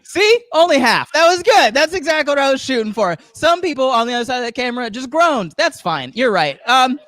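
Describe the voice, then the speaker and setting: Guy from the south doing stand-up, high voice, dry close sound, keeps laughing at his own bits. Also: sing-song, brisk, a bit bright, dry recording. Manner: rambling, chuckles at his own jokes. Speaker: stand-up comedian. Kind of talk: stand-up comedy set. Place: comedy show studio.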